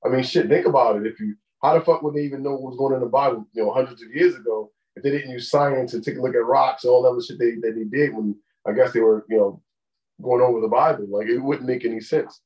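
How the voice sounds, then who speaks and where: A man co-hosting a podcast in casual chat, telling stories in a profane, animated way. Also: medium pitch, fast, husky, dull audio. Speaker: podcast co-host.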